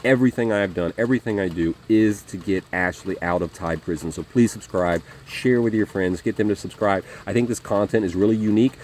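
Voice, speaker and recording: Rambling low-voiced man telling stories. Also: fairly quick, few pauses, darkish tone, slight background noise. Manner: rambling, conversational, frequent fillers and restarts. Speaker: vlogger. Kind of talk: casual storytelling monologue.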